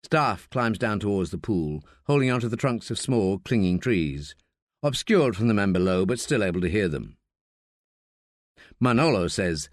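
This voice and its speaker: Guy narrating an audiobook, measured and expressive, really lively delivery, dry booth sound. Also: lowish voice, dry recording. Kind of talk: scripted narration.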